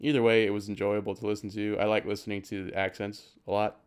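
Smooth, low-voiced man chatting casually. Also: little pitch movement, quick pace. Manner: easygoing, meandering with fillers. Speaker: podcast co-host. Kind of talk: casual chat.

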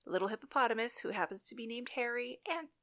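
A woman's voice: on the high side, animated, fast talker, a bit bright. A woman chatting casually and dramatically as she recaps a TV episode, with wry asides.

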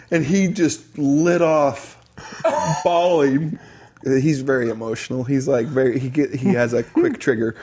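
A man's voice: mid-range voice, steady tone, unhurried, a little mellow, a little hiss or hum. A man in his thirties co-hosting a podcast, telling rambling stories in casual chat and laughing as he talks. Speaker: podcast co-host.

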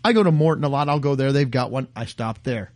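A man's voice: mid-range voice, fast talker, darkish tone, no echo. A middle-aged man, co-hosting a casual chat and ranting with mock outrage. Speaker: podcast co-host.

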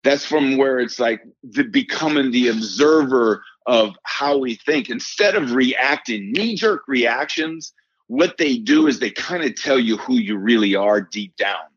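A middle-aged man speaks as an interview guest in an earnest, emphatic way, circling back over his phrases and dropping in "man". His voice sits at an ordinary pitch. The audio is dull and lo-fi, dry with no room echo. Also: expressive, a little slow, husky. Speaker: guest, performance coach and former pitcher. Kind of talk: personal storytelling in a podcast interview.

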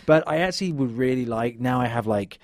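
An English man, a guest actor, chatting casually and telling stories in a relaxed way, laughing easily. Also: medium pitch, fairly quick, no room sound, clean studio sound. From England. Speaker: guest, actor and former model. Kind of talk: casual interview chat.

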